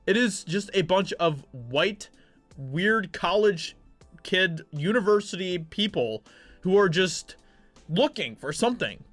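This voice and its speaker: A man's voice: sits high, very animated, measured pace, a bit bright, dry recording, soft background music. A man in sarcastic, mock-outraged opinion commentary, reading news aloud and reacting. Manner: sarcastic, mock-outraged, with filler words and restarts. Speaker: commentary YouTuber.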